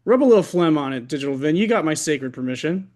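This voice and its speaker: A high, bright voice for a pushy, chummy male surgeon, as a man puts him on. He drawls and giggles with easy cheer, loud and lively. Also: fast, natural voice. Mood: playful.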